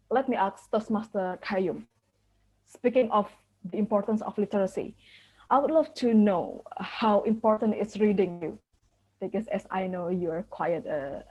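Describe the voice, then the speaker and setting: A woman leads an online club meeting, pausing and repeating words as she goes. Her voice is mid-pitched. The audio is dull and muffled, like a video call. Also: mellow. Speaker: meeting host.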